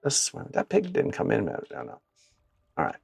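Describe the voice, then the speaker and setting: Gravelly, blunt-talking male gamer. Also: low-pitched, normal speed, dry recording, studio quality, soft background music. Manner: blunt, profane, animated storyteller. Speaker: gaming streamer. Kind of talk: casual gameplay commentary and rant. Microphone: wireless clip-on mic.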